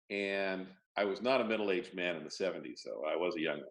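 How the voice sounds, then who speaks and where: An older man, a guest in a casual interview, telling stories with dry jokes and halting restarts. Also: low voice, lively intonation, fairly bright tone. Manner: wry, joking storyteller, halting restarts. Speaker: guest, property lender.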